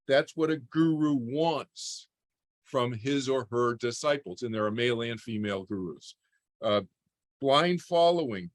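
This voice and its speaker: A man's voice: on the high side, no echo. Man, spiritual teacher, informal talk, conversational, keeps checking in, video call, dry sound. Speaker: spiritual teacher speaking to a parent support group.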